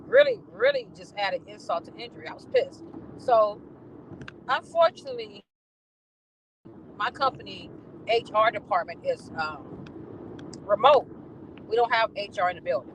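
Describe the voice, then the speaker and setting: Brief: lively woman vlogger telling a story with plenty of swearing, in a car with faint road noise behind. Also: medium pitch, low-quality recording. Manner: animated, profane storytelling. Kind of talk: casual venting monologue. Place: in a car on the ride home.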